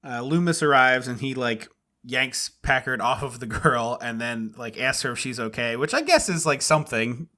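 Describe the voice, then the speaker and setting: Bright, animated male podcast co-host. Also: medium pitch, normal speed. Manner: animated, laughs easily. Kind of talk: casual chat.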